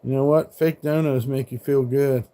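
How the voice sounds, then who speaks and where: A man's voice: mid-range voice, fairly even intonation, normal speed, dark tone. A man in his forties, live streaming and arguing with trolls in chat, combative and full of profanity. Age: 40s.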